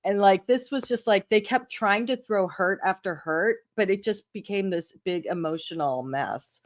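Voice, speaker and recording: A woman co-hosting a casual chat, musing in a relaxed way with many fillers. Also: mid-range voice, normal speed. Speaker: co-host. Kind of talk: casual chat reviewing dramas.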